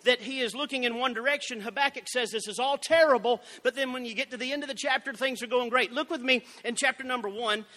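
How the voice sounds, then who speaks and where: A man preaching a sermon, emphatic and drawing words out slowly to stress scripture he reads aloud. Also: very high-pitched, steady tone, bright, forceful tone, in a large hall.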